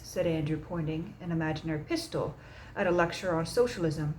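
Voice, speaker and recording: A woman from Canada reading a classic novel aloud as narrator, in a steady, clear reading voice. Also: deep voice, brisk, few pauses, a little hiss or hum, rough recording. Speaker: audiobook narrator. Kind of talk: scripted narration.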